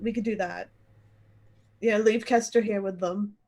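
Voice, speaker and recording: A woman's voice: medium pitch, fairly even intonation, measured pace, dark tone. A woman playing a tabletop game, earnestly persuading the others and opening her lines with "I mean". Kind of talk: casual chat.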